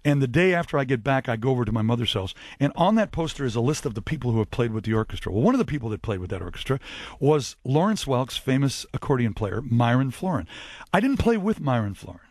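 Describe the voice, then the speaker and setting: A man who is a musician and a radio guest, telling chatty, animated anecdotes with false starts. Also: medium pitch, fast talker, dry recording. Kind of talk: anecdotal storytelling.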